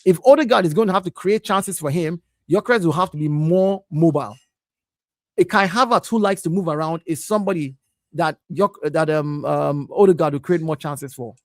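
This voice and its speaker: A man's voice: a little high, normal speed, no echo. A man arguing his point in a heated football debate, insistent and repeating himself when cut off. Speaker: co-host of a football talk stream.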